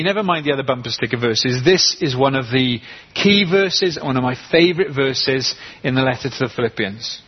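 A man preaching a sermon, emphatic and slowing down to stress key words. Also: mid-range voice, slightly rough, highs cut off. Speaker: pastor.

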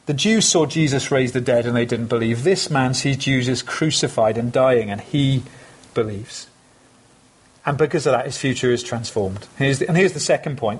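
A man's voice: medium pitch, breathy edge. A man preaching a sermon, earnest and conversational, with emphatic asides to his congregation.

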